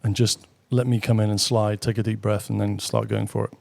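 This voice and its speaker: A middle-aged man with a British accent tells war stories in a relaxed, anecdotal way, tossing in asides and casual swearing. His voice sits low and heavy with a gravelly fry. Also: a little fast. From Britain. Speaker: guest, former military pilot. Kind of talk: casual storytelling.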